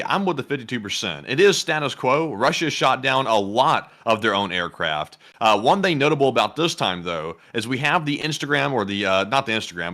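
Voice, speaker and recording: A man co-hosting a casual news commentary show, speaking in a relaxed, dry, offhand way. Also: medium pitch. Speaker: co-host reading audience poll results.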